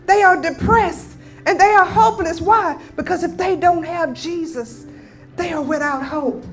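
A woman delivers a sermon testimony in a strikingly high voice. She tells her story with fervent, emphatic declarations and breaks into laughter along the way. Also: a little slow, soft background music. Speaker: guest speaker.

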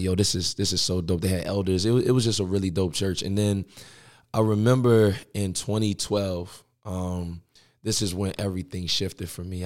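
Deep-voiced young pastor telling stories. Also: male voice. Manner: slangy, animated storyteller. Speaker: pastor and podcast guest. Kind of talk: storytelling interview.

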